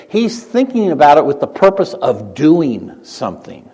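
A male pastor preaches with a lively, swinging voice that climbs to emphatic peaks and drops to hushed asides. His sermon rings out in a church sanctuary, with a long reverb trailing every phrase. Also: fairly high pitch, normal speed, breathy edge. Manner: animated preaching, rising to emphatic peaks and dropping to quiet asides.

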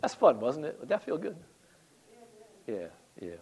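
A man preaching a sermon as pastor, animated and addressing the congregation directly, with big rises and drops in his delivery. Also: a little high, measured pace.

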